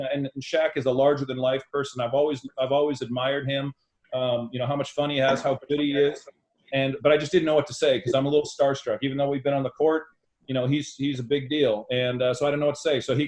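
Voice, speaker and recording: A middle-aged man, a podcast guest, telling animated stories and acting out quoted dialogue. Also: mid-range voice. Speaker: guest, former basketball player. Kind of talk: storytelling in a podcast interview.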